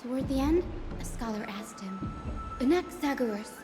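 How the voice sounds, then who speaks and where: A woman voicing a bright young game heroine telling a story. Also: fairly high pitch, moderate pace, close to an everyday voice. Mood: storytelling. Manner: animated storyteller, recounting events. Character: earnest young woman guide in a fantasy game. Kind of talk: game character dialogue. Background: game music.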